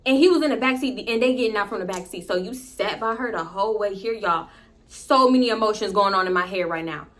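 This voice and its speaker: A woman hosting her storytime channel, telling the story casually, animated and blunt and swearing freely. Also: medium pitch, fast talker.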